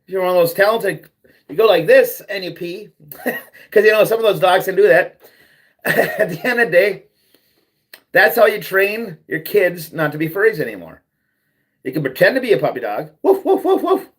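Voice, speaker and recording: A livestream host rants bluntly and profanely in a monologue, repeating himself as he goes. His high-pitched voice is expressive, at a moderate pace with frequent pauses.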